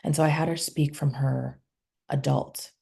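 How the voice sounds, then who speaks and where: A woman speaks as a podcast guest, a somatic healer recalling a couples session. Her voice sits low and warm with a gravelly, slightly husky edge. She retells the story conversationally and voices the people in it as she goes. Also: fairly even intonation, unhurried. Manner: recounts client sessions, acting out quoted dialogue.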